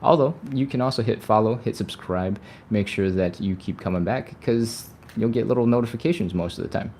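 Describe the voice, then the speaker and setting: A man's voice: on the low side, brisk, darkish tone, slight background noise. A man leading a live stretching workout, chatty and upbeat, sighing and laughing between cues. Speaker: stretching coach.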